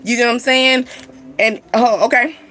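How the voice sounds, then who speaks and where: Young woman, tarot reader, loose chatty delivery, voice sitting a touch high. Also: fairly even intonation, normal speed, pushed and bright. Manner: rambling, chatty, heavy use of "like" and "you know". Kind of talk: casual spiritual reading to camera.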